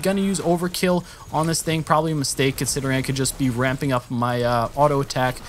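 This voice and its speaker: A young man of medium pitch gives casual, wandering commentary on his own gameplay amid slight background noise. He keeps correcting himself and jumps up in excitement at the action.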